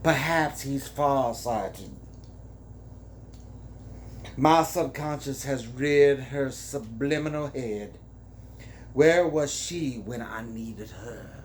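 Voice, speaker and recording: A man giving a comic reading of a novel, with wry, deadpan asides. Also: mid-range voice, drawn-out words, pauses often, a little hiss or hum. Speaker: reader.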